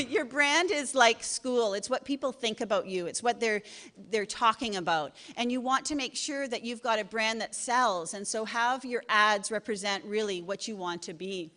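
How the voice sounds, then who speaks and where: A woman's voice: a little high, normal speed, sharp tone, long reverb tail. A woman giving a short humorous talk on advertising to a live audience, with wry asides. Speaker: presenter.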